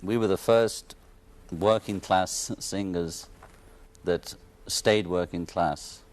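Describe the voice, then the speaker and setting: A man's voice: low voice, takes it slowly, darkish tone. A man from Liverpool with a Liverpool accent, a musician guest joking wryly on a television interview. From Liverpool, England. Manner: wry, joking, laughs often.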